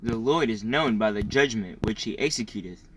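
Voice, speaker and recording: Measured man reading scripture aloud. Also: lowish voice, lively intonation, a bit bright, slight background noise, poor audio. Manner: measured, announces book, chapter and verse before reading. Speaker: scripture reader.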